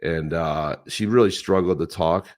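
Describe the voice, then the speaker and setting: A man's voice: low-pitched, moderate pace. A man in his sixties co-hosting a livestream, telling rambling stories in casual chat. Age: 60s. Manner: rambling, storytelling, laughs often. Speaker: livestream co-host.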